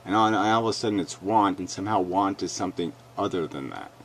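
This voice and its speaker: A man's voice: low voice, quick pace, a little hiss or hum. A man hosting a video reaction, talking bluntly and emphatically as he argues his point. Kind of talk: argumentative commentary.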